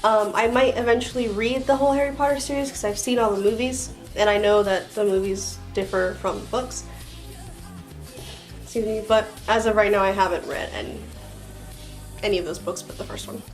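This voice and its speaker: A woman's voice: medium pitch, fairly even intonation, a little fast, soft background music, poor audio. A young woman with a Floridian American accent, chatting casually through a tag video with lots of "like" and "um". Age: young adult. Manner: chatty and rambling, many "like" and "um" fillers. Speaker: vlogger.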